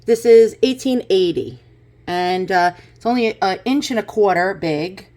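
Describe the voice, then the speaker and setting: A woman vlogger talking through an unboxing and price research, often breaking into excited exclamations. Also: mid-range voice, measured pace. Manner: excitable, exclaims over finds.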